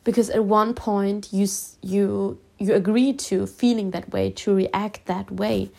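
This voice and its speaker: A woman from Spain giving a heartfelt personal talk as a self-healing vlogger. She speaks haltingly, restarts often, and reassures her listener earnestly. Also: mid-range voice, fairly even intonation, creaky, a little mellow.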